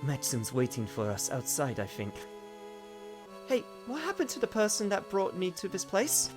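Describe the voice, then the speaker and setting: A man's voice: high voice, expressive, brisk, music in the background, pitched above the performer's own voice. A man voicing a frightened young woman held captive in a video game, speaking in a raised, pleading voice. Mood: anxious.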